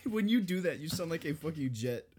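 A young man trades crude jokes and laughs as co-host of a loose chat. His voice is a bit high for a man and very animated in pitch. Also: brisk, very noisy. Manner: laughing, swearing, joking banter. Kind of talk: casual chat among friends.

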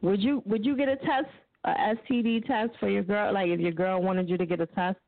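A woman's voice: mid-range voice, fairly even intonation, fairly quick, no room sound, phone-quality sound. A woman hosting a call-in radio show, chatting loosely, laughing often and swearing freely. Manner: loose, laughing, profane banter. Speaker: radio host. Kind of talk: casual call-in radio talk.

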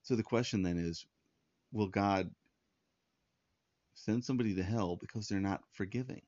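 Man, pastor preaching, earnest conversational sermon, low voice, dry slightly muffled recording. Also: normal speed, darkish tone, no echo. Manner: earnest, conversational teaching with restarts.

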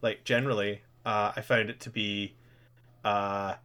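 Bright-voiced man chatting animatedly. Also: on the low side, a little slow. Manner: animated, breaks into loud quoted voices while retelling scenes. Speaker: podcast co-host. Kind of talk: casual chat reviewing an anime.

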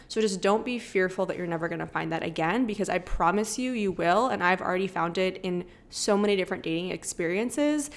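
A young woman hosting a podcast, sharing personal advice in an earnest, chatty monologue. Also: fairly low pitch. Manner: earnest, emphatic, chatty with many fillers. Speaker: podcast host.

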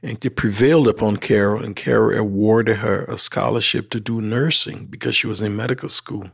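Speaking briskly, a middle-aged man from Liberia with a Liberian accent tells his personal story in a low voice marked by vocal fry and a breathy edge. He acts out the lines he quotes with animation, against faint music.

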